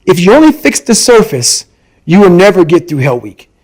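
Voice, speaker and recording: Guy with a highish voice, intense, keeps repeating himself to hammer the point, guest on a podcast. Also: very animated, moderate pace, a little mellow, poor audio. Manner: emphatic and repetitive, hammering points home. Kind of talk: intense personal storytelling in conversation.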